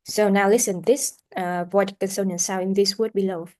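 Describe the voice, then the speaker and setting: Woman teaching pronunciation, halting and repetitive. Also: mid-range voice, steady tone, a little mellow. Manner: halting, with many fillers, repeating sounds and words for practice. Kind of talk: classroom pronunciation lesson.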